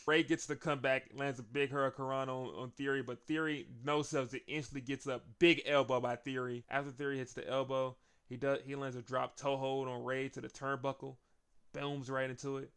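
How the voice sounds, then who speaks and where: A man hosts a casual wrestling recap, talking in a loose, chatty way and laughing often between points. His voice is gravelly, with a middling pitch. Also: little pitch movement, fairly quick, fairly bright tone.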